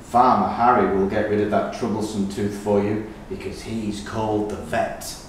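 A man voicing a helpful farmyard hen in a storybook, calm and plain. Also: fairly low pitch, moderate pace, slight background noise, lightly acted. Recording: echoey room, distant mic.

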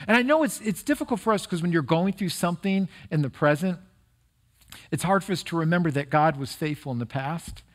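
Middle-aged man, pastor, sermon, earnest, conversational, somewhat high pitch. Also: lively intonation, brisk. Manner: earnest, conversational, grows emotional while telling stories.

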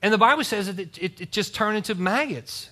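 Animated high-voiced male preacher. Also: fairly quick. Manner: animated preaching, reads scripture aloud with asides. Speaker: pastor. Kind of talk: sermon. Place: church service.

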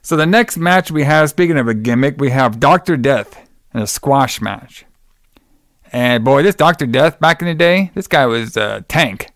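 A man's voice: medium pitch, animated, moderate pace, a bit bright, dry recording, studio quality. A man hosting a podcast in casual chat, rambling, laughing and swearing freely. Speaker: podcast host.

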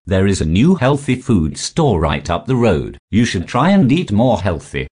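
A man reading simple scripted practice dialogues in a slow, even textbook delivery. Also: lowish voice, husky. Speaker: dialogue reader for English practice.

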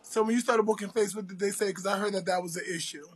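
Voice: mid-range voice, fairly even intonation, quick pace, slightly rough. An interview host asking direct questions in casual chat, often repeating words when starting.

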